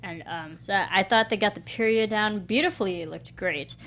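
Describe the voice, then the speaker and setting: Female co-host, lively casual film chat, mid-pitched, faint hiss behind. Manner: bubbly, animated, quick to laugh. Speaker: podcast co-host. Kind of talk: casual movie review chat.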